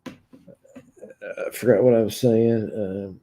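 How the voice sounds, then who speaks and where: Kentucky man, gravelly low voice, casual halting livestream host answering chat. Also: fairly even intonation, mellow. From Kentucky, USA. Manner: halting, heavy with filler sounds and restarts.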